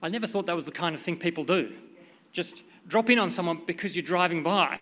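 Bright-voiced middle-aged preacher in a reverberant hall. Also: male voice, sits high, a little fast. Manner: conversational, expressive, reads scripture dramatically. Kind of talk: sermon with prayer and storytelling.

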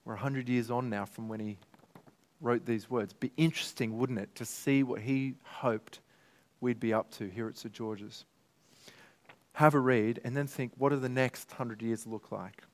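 Earnest pastor preaching. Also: male voice, medium pitch, steady tone, normal speed. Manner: earnest, emotional, rises to emphatic peaks. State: tearful at times. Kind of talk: sermon.

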